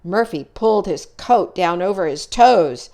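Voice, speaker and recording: A woman reading a children's storybook aloud, expressive and unhurried. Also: fairly low pitch. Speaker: storybook reader.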